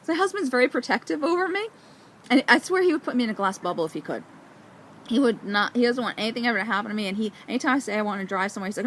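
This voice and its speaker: A woman's voice: on the high side, fast talker, a little hiss or hum. Bubbly woman knitting vlogger outdoors. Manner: bubbly and excitable, with frequent laughs. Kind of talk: casual chat.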